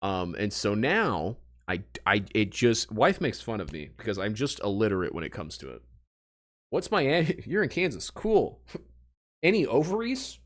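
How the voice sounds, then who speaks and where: A man's voice: lowish voice, very animated, normal speed. A young man from Missouri chatting casually with his livestream audience, self-mocking and talking straight to chat.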